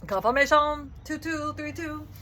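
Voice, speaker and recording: A woman's voice: high-pitched, a little slow, sharp tone, poor audio. A woman giving a chatty, encouraging spiritual tarot reading, often checking in with the listener. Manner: encouraging, chatty, keeps asking "okay?". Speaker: tarot reader.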